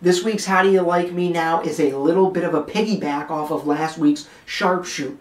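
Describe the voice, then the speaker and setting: A man's voice: a little high, normal speed, roomy sound, recorded from a distance, soft background music. A man hosting a wrestling podcast, giving blunt, joking commentary straight to his listeners. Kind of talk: opinionated commentary rant.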